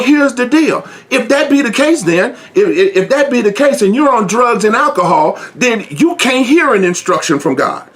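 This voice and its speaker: A man with a notably high voice preaching an informal sermon. He talks straight to his listeners in an earnest, plain way, often doubling back on words as he goes. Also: fairly bright tone. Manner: earnest, repeats words and restarts, direct address.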